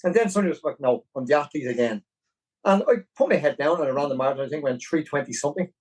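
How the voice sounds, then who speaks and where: A man in his forties with a Dublin Irish accent, a podcast guest telling his story in an animated, self-deprecating way. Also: a little high, rapid-fire, far from the mic, poor audio. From Ireland. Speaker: podcast guest, marathon runner. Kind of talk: casual storytelling interview.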